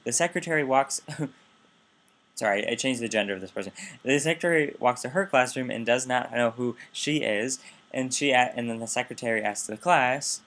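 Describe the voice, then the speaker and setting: A man's voice: medium pitch, moderate pace, a bit bright. A man giving a recorded linguistics lecture, explaining carefully and often correcting himself mid-sentence. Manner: explanatory, with frequent restarts and self-corrections.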